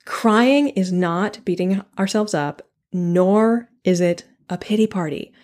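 A woman's voice: fairly low pitch, slow, a little mellow. A woman hosting a solo podcast, talking earnestly and animatedly, repeating key phrases for emphasis and restarting her sentences. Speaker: podcast host.

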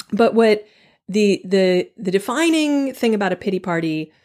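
A woman hosting her own podcast, talking candidly and thoughtfully, pausing to restart and laughing at herself now and then. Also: mid-range voice, animated, darkish tone. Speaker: podcast host. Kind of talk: reflective solo podcast talk.

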